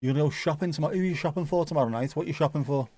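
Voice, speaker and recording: A man's voice: a little high, very fast, mellow. A man casually commenting on a football match for a live watchalong, joking and reading out viewer comments. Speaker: watchalong host.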